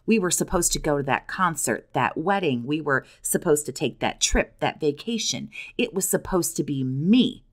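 A woman's voice: low voice, animated, moderate pace, few pauses. Blunt, profane woman coach. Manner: blunt, profane, challenging questions. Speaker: survivor coach. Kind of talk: direct-to-camera monologue.

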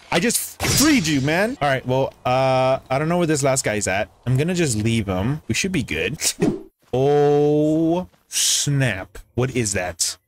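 Excitable male gaming streamer, slightly high, swings pitch all over, music playing behind. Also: background noise. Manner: excitable, jumpy exclamations and sudden high yelps. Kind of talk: casual gameplay commentary. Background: background music.

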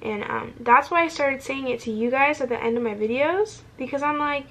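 A woman's voice: high voice, brisk, fairly bright tone. A young woman chatting casually while doing her makeup, candid and laughing, swearing freely. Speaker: beauty vlogger.

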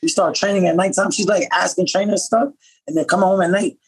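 A man from upstate New York talks quickly and loosely, full of slang, as he tells his story on a podcast. His voice is high for a man and has a husky grain to it. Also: rough recording. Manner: fast, slangy, animated storytelling. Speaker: podcast guest, professional boxer. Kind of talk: casual storytelling.

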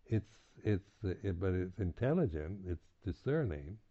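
On retreat, a meditation teacher gives a reflective dharma talk in a low but very animated voice. He speaks haltingly, restarting and repeating words, with soft chuckles between points. The recording is tinny and lo-fi, like a phone.

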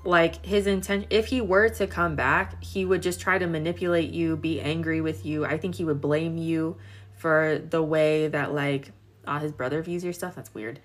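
She's a tarot reader in her twenties hosting a relaxed live-stream reading, chatty and peppering her talk to viewers with filler words. Her voice sits low, with fairly even intonation, at a normal pace.

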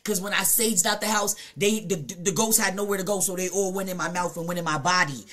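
A woman live streamer telling a blunt, profane story to her chat at home, her voice swinging between hushed and loud. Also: fairly low pitch, fairly even intonation, brisk. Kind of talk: casual confessional storytelling to chat.

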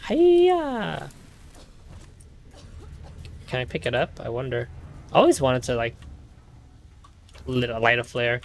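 Man, game streamer, live gameplay commentary, middle pitch, nervous, rambling, swears a lot. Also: normal speed, pauses often, fairly bright tone.

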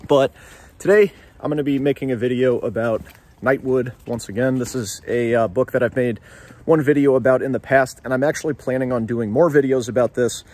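A man's voice: mid-range voice, steady tone, brisk, a little mellow. A young man hosting a casual video about a novel, talking while walking along an outdoor street. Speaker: literature video host. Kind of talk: casual literary discussion vlog.

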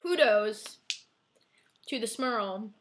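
A woman's voice: a little high, animated, drawn-out words, a little hiss or hum. A young woman co-hosting a casual fan review, enthusiastic and laughing as she acts out scenes. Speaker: co-host reviewing a TV episode.

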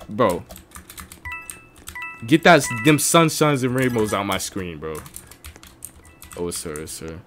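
A young man of about eighteen streaming a game live, chatting with viewers and swinging from low mumbles to loud outbursts. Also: sing-song, slow, long pauses, faint music behind. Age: young adult, about 18.

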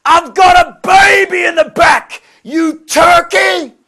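A man voicing his bossy young wife, scolding insistently and loudly. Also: very high voice, slow, some chatter behind, pitched above the performer's own voice, full character voice. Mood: yelling. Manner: insistent scolding, rising loud.

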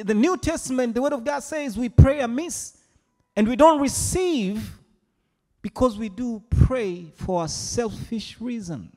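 A male pastor delivers a lively sermon, his fairly high voice swooping up and down. His words ring out with a long reverb from a large church hall. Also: unhurried. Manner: animated preaching, mimics congregation voices.

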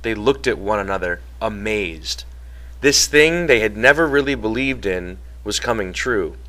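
A man reading a novel aloud as an audiobook, in a calm, even storytelling manner. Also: on the low side, unhurried. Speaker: audiobook reader. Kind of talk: novel narration.

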